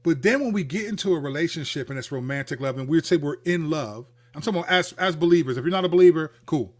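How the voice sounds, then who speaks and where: A man with a slightly high voice hosts a livestreamed Christian teaching talk. He speaks in a lively, conversational way and slips into quoted voices as he talks. His delivery is direct and addresses the viewer. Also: fast talker. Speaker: host, Christian counselor.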